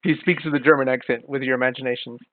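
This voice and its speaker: A man narrating as game master of a tabletop superhero game, chatty and quick to apologize and laugh. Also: medium pitch, steady tone, no room sound. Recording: phone-like online call.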